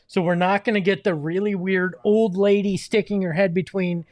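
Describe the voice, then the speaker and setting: Wry man co-host, a touch high, dry close recording. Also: steady tone, moderate pace, a little mellow, no room sound. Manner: wry, chuckling jabs. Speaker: podcast co-host. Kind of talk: casual sports podcast chat.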